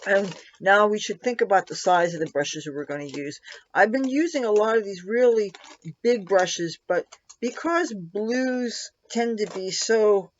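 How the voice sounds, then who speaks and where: A woman's voice: mid-range voice, lo-fi sound, a little hiss or hum. A woman filming a makeup tutorial in her room at home, rambling and chatting fondly to her cat between steps. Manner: rambling, fond baby talk to her cat.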